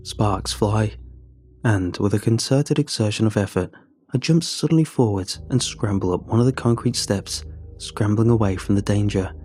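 A man tells a first-person horror story in a measured, suspenseful read. His voice is low and mellow, with a dark, soft tone, and faint music plays behind him.

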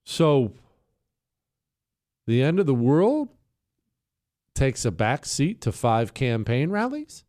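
A man's voice: medium pitch, sing-song, slow pace, pauses often, darkish tone. A man hosting a talk radio show, delivering an opinionated monologue in a combative, sarcastic way.

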